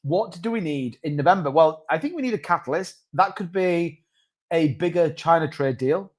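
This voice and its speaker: A man's voice: on the high side, expressive, normal speed. A man hosting a casual crypto live stream, rambling and reading out viewer comments.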